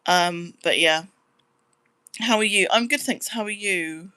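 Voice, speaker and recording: A woman's voice: a little slow, long pauses, pushed and bright, smooth, dry recording. A young British woman chatting casually on a livestream, reading out viewer comments in an upbeat way. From Britain. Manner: chatty, upbeat, squeals high when surprised. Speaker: livestreamer and musician.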